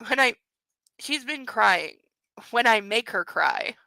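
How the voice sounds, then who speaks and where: A woman's voice: on the high side, expressive, slow pace, gravelly, bright, forceful tone, no echo, poor audio. A woman hosting a book club show at home, reading a novel aloud and breaking in with sarcastic, giggly comments and baby talk.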